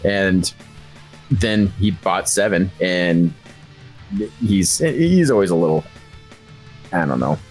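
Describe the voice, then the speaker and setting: A man's voice: deep voice, lively intonation, slow pace, long pauses, a little mellow, faint music behind. A man co-hosting a podcast in casual chat, telling rambling stories with a lot of fillers. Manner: rambling storyteller with frequent fillers. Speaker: podcast co-host.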